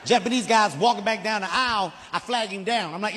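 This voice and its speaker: A man doing profane, animated stand-up comedy, acting out his own scenes. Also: high voice, brisk, big-room sound, a little hiss or hum.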